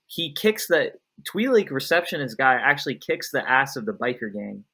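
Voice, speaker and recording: Animated, swearing podcast co-host. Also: male voice, mid-range voice, normal speed, husky. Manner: animated, profane ranting. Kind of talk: casual chat.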